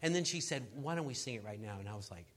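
A man, a pastor, sharing a personal testimony on a panel in an earnest, halting way, restarting his sentences and laughing at himself as he goes. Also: medium pitch, animated, a bit bright, slight background noise. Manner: laughs at himself while telling the story.

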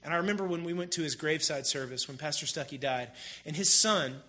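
A man preaching a sermon in a casual, storytelling way, with animated emphasis. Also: fairly high pitch, fast talker. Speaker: pastor. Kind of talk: conversational sermon.

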